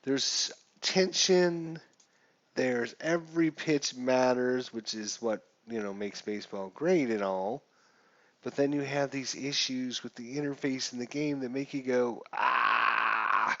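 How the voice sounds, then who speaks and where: Man, casual game commentary, unhurried, thinks aloud; muffled lo-fi sound. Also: mid-range voice, no echo. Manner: chatty, thinks aloud, mutters rules while rolling. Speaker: gamer playing a baseball sim.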